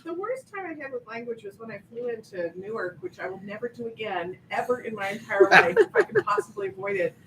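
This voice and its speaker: A woman's voice: fairly high pitch, sing-song, quick pace, few pauses, a crowd in the background, poor audio. A woman from Oregon telling a funny travel story in a casual group chat, laughing as she goes.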